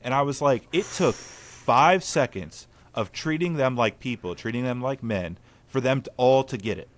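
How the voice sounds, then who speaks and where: A man's voice: mid-range voice, normal speed, slight background noise. A man, hosting a casual podcast chat and telling stories earnestly with many "like" fillers. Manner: storytelling, earnest, lots of "like" fillers. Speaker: podcast host.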